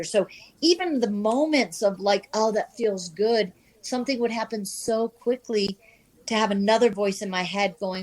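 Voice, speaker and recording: A woman in her fifties from the American Midwest, a sports reporter telling her career stories in an interview, animated and self-deprecating. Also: mid-range voice, moderate pace, rough recording. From Midwest of the United States. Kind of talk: candid conversational storytelling.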